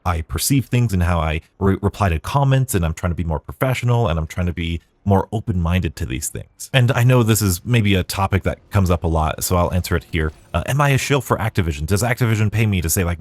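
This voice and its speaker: A young man hosting a casual solo podcast, talking in an animated, rambling way with frequent restarts. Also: fairly low pitch, a little fast, few pauses, dry recording. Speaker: podcast host.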